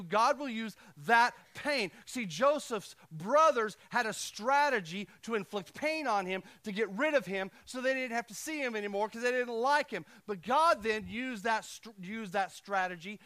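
A man preaching a sermon as pastor, impassioned, swinging between loud emphatic lines and quiet asides. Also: sits high.

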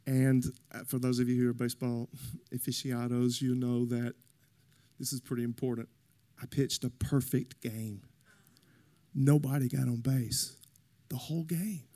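A man's voice: mid-range voice, steady tone, normal speed, warm tone. A middle-aged man preaching a sermon, telling personal stories and acting out the voices in them, building to emphatic encouragement. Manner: storytelling, acts out quoted voices, rising to emphatic exhortation. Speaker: pastor.

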